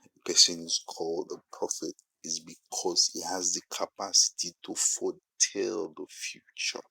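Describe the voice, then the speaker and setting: A man with a Nigerian English accent preaching a sermon-style monologue, repeating phrases for emphasis and building to loud peaks. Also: low voice, level tone, a little slow, gravelly, breathy edge, dry recording, poor audio.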